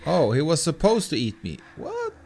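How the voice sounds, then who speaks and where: Lively excitable man playing a game. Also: fairly high pitch, normal speed. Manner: excitable, swears, coaxes the creature. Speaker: gaming commentator. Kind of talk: let's play commentary.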